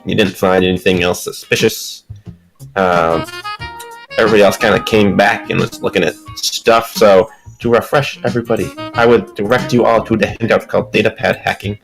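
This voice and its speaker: A man's voice: moderate pace, creaky, faint music behind, poor audio. A man running a tabletop role-playing game as game master, chatty and self-mocking. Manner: chatty, self-mocking, breaks into high silly squeals.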